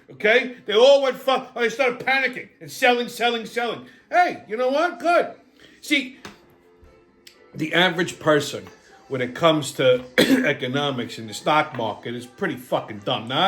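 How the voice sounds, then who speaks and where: A man hosting a weekly show, telling blunt, profane comic stories and rants, tagging lines with "okay?" and rapid asides. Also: on the high side, a bit bright. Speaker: host. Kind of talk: profane comedic weekly rant.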